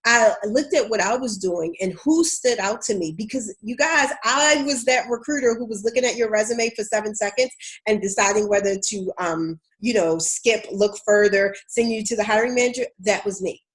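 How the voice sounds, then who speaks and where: A woman's voice: medium pitch, normal speed. Baltimore lady career coach on a livestream, chatty and candid, talks right to y'all. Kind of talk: live-streamed casual talk to viewers.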